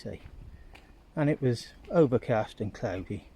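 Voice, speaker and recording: A man's voice: medium pitch, wildly swooping pitch, unhurried, long pauses, darkish tone, a little hiss or hum. A man rambling through a casual walking vlog outdoors on town streets, chatting like a storyteller into a handheld phone. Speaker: vlogger.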